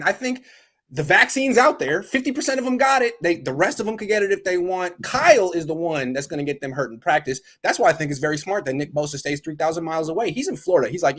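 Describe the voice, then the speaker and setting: A man hosting a sports talk show, excitable and quick with banter as he takes calls. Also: fairly high pitch. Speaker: host.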